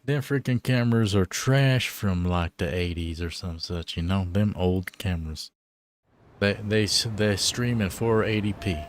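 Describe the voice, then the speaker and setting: A man's voice: sits low, unhurried, no echo. A man joking loosely in slang while live-streaming a game. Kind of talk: casual live-stream commentary.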